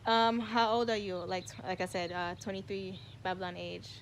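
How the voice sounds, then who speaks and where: A tearful woman in her twenties, a vlogger, chats casually with her viewers about spiritual matters, rambling emotionally and saying "like" and "y'all" a lot. Her medium-pitched voice keeps a steady tone at normal speed, with a little hiss or hum in the background.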